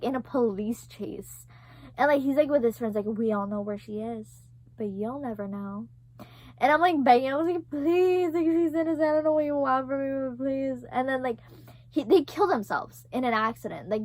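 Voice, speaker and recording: A young woman telling a story in a casual vlog, animated and profane, with many fillers. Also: a little high, dry recording. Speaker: vlogger.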